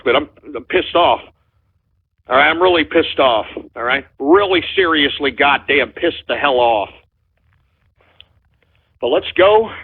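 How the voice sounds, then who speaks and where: A man's voice: sits high, breathy edge. A man hosting a call-in radio show, ranting angrily and swearing at his listeners. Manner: angry, profane, shouting insults at trolls. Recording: tinny phone-like sound.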